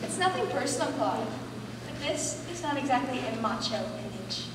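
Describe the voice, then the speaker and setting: A woman's voice: high-pitched, animated, normal speed, very noisy. A woman on stage playing a sassy young woman character who mocks and wails melodramatically, heard from far off in an echoey hall. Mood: scornful. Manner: melodramatic wailing, then mocking and blunt. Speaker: stage actor. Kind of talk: amateur stage play performance. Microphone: far room mic.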